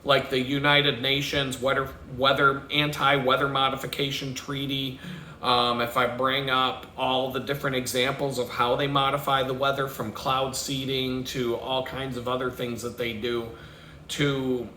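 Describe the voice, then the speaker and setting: A man, ranting alone with swearing and conspiracy talk, sometimes shouting loudly. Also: mid-range voice, flat delivery, normal speed, roomy sound, a little hiss or hum. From Texas. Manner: profane, conspiratorial, swings into loud shouting and mimicked sounds. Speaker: podcast host. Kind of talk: profane solo rant.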